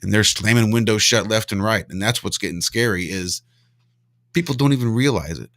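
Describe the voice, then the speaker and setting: A man's voice: lowish voice, fairly quick, a bit bright, no echo, studio quality. A man co-hosting a podcast, talking in a heated, ranting way and swearing now and then. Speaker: podcast co-host. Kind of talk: casual chat.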